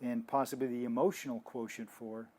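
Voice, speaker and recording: A man's voice: mid-range voice, flat delivery, a little fast, a little mellow. A man teaching in a casual faith talk, rambling with restarts and telling stories. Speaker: health ministry teacher.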